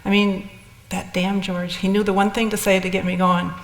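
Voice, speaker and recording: Older lady telling her story, gravelly and kinda flat, lots of hall echo. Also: medium pitch, moderate pace. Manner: candid, rambling with restarts. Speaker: speaker sharing experiences. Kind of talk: personal storytelling talk. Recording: echoey hall with long reverb.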